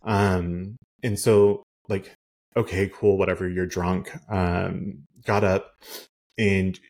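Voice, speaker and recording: A man with a very low, husky voice tells a story in casual podcast style. He rambles, filling his talk with "like" and "um". He sounds heated and indignant. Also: little pitch movement, takes it slowly, darkish tone. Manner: rambling, many "like" and "um" fillers. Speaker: realtor.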